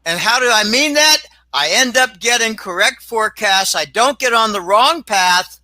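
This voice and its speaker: A man talking as a guest in a casual interview, rambling and animated, with sudden exclamations. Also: high voice, normal speed, no room sound, poor audio. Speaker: guest commentator.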